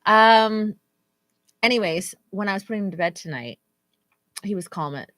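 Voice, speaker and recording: A woman's voice: mid-range voice, lively intonation, normal speed, a bit bright, no room sound, clean studio sound. A tired woman in her thirties, co-hosting a podcast and chatting casually, rambling with lots of fillers. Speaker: podcast co-host. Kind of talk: casual chat.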